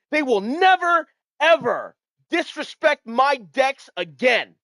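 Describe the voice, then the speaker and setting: A man streaming, talking casually to his chat about card decks in a hyped, profane, animated way. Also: high-pitched, no echo. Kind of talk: casual card-game commentary.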